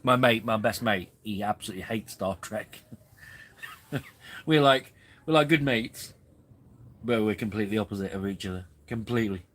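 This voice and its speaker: Chatty man, low voice. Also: normal speed, long pauses, fairly bright tone. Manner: rambling, chatty, self-deprecating. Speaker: camping channel host. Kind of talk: casual live-stream chat. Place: camping tent.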